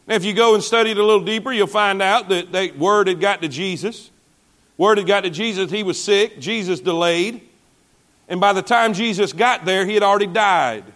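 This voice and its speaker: Pastor, male, high voice, sermon delivery with congregation asides. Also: fairly bright tone. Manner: preaching with call-and-response asides to the congregation.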